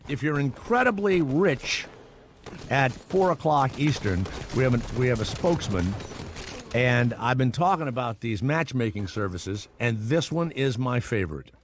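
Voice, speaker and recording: Rambling, sarcastic radio host. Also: male voice, medium pitch, slight background noise. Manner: rambling, sarcastic, lots of restarts and asides. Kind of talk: morning radio talk.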